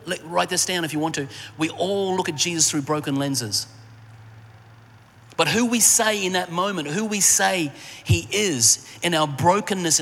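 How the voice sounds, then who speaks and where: Middle-aged male preacher in a reverberant hall. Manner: storytelling, rises in pitch for emphasis, drops low and soft in personal memories. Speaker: pastor. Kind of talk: sermon. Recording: long hall reverb, faint ambient noise.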